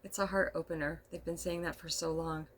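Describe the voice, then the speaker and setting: A middle-aged woman telling a personal story in a casual vlog monologue, speaking softly and emotionally and rambling with frequent laughs. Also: low-pitched, fairly even intonation, a little fast, slight background noise. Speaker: vlogger. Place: inside a camper.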